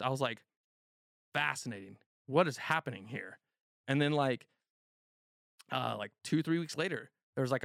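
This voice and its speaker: A man in his thirties telling a long story in casual, profane talk, rambling with many fillers and getting animated. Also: medium pitch, no echo, studio quality.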